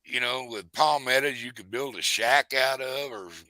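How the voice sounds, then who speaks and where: A man hosts a relaxed late-night chat, spinning long stories with folksy asides and plenty of restarts. His voice is bright and forward, and it is recorded dry and close with no room sound. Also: mid-range voice, normal speed, dry recording, low-quality recording. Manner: rambling, animated storyteller with folksy asides. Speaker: host. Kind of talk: casual storytelling chat.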